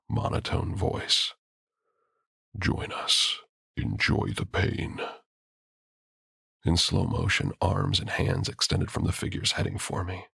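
Man, horror story narrator, very low voice, heavy vocal fry, husky tone, dry close mic. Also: sharp tone, dry recording.

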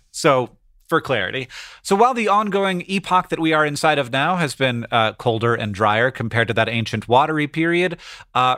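A man's voice: fairly high pitch, fairly bright tone, dry recording, clean studio sound. A man co-hosting a podcast in casual chat, explaining science news in an enthusiastic, chatty way. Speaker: podcast co-host.

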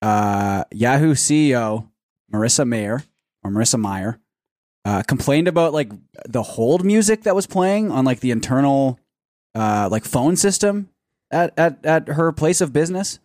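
A man hosting a casual podcast chat, talking excitably and swearing freely. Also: medium pitch, measured pace, no echo, studio quality. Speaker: podcast host.

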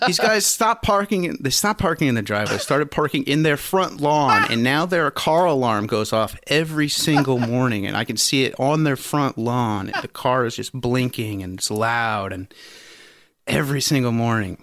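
This podcast co-host, medium in pitch with a fairly bright tone, spins a rambling, swear-filled story during casual conversation, laughing often. He speaks at a normal pace with lively intonation, and a bit of background noise can be heard.

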